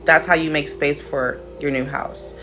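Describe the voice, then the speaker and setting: A woman's voice: low voice, fairly even intonation, a little slow, pushed and bright, faint music behind. A woman hosting a casual spiritual livestream, talking in a blunt, profane, playful way.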